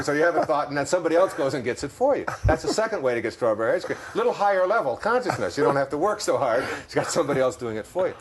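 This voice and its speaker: In an expressive mid-range voice, racing along, a Detroit-accented man talks as a guest in a reflective spiritual interview, with a little hiss or hum in the audio. He tells stories in an expansive way and laughs at his own jokes.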